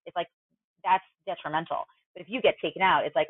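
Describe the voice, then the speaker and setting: A woman's voice: lowish voice, fast, no room sound. A woman mental performance coach, a podcast guest, explaining in a chatty way with many fillers. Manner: conversational, explanatory, filler-heavy. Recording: dry tinny phone-like line.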